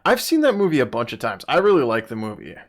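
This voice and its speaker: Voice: medium pitch, wildly swooping pitch, quick pace. A co-host in casual chat who reacts with exclamations and laughter.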